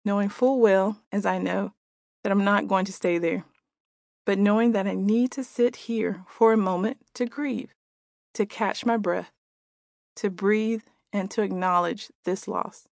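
A woman in her forties, the author, reading her own audiobook aloud in a gentle, reflective way. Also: mid-range voice, steady tone, a little slow, gravelly, dry recording, studio quality. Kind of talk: audiobook narration.

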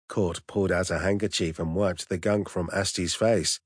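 A man narrating an audiobook in a steady, measured storytelling voice. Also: low voice, slightly rough, no room sound, clean studio sound. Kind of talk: scripted narration.

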